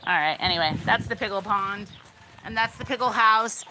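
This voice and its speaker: A woman's voice: medium pitch, moderate pace, background noise. A young woman casually rambling through a backyard tour, full of "like" and "you know," often stopping to chat with her animals outdoors. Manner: rambling, filler-heavy, chatting to her animals. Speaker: vlogger giving a backyard tour.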